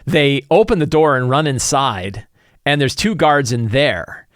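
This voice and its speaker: A middle-aged man talks loosely and animatedly about his tabletop campaign, filling his story with lots of "like"s. His voice sits at an ordinary pitch. The recording is close and dry. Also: measured pace, no room sound. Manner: animated storyteller, loose and chatty, many fillers like "like". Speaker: game master and tabletop RPG content creator. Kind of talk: casual recap and campaign-prep chat.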